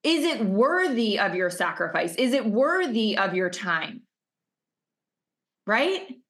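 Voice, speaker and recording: A woman's voice: medium pitch, very animated, slow pace, a bit bright. A middle-aged woman coach giving an emphatic motivational masterclass over a video call, stacking up rhetorical questions. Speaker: business coach.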